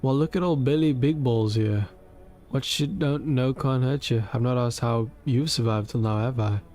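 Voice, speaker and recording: A man's voice: mid-range voice, moderate pace, a little mellow, soft background music, close to an everyday voice. A man voicing a boastful, threatening male survivor in a game, taunting with streetwise slang. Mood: menacing.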